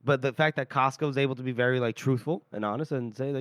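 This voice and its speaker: Podcast co-host, male, smooth resonant voice, dry close sound, lively storyteller. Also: medium pitch, quick pace, hardly any pauses, dry recording. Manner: animated retelling with acted-out quotes and laughter. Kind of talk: casual book discussion.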